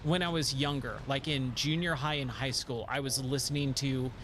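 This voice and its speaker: A man's voice: medium pitch, steady tone, normal speed, a bit bright, a little hiss or hum. A man streaming a video game, chatting casually with his viewers in a laid-back way and laughing often. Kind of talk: casual live-stream chat.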